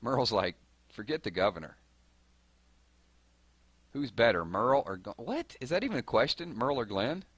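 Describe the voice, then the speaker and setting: A young man with a Southern Georgia accent, chatting fast and excitably on a live stream while answering viewers' comments. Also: medium pitch, slightly rough, no room sound. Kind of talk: casual live-stream chat.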